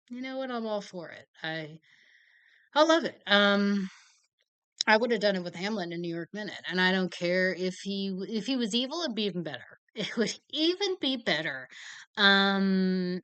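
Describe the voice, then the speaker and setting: A young woman hosts a podcast in a bright, clear voice recorded close and dry. She rambles on in a self-mocking way, laughs often and swears freely. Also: lowish voice, no echo. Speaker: podcast host. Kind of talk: casual chat.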